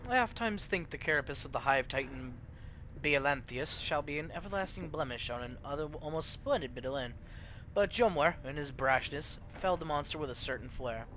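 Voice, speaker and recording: A male streamer reading game text aloud in a stately, measured narrating manner, over game music. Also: a little high, lively intonation, sharp tone, a little hiss or hum, rough recording.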